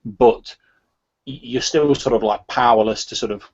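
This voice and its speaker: A man's voice: medium pitch, moderate pace. A man narrating as game master in a tabletop game, hesitant and full of "sort of" fillers. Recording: husky, muffled lo-fi recording.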